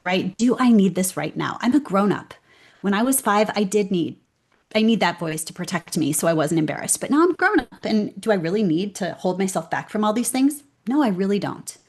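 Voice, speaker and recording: Earnest woman guest, lively storytelling. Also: medium pitch. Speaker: guest speaker. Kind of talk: conversational interview.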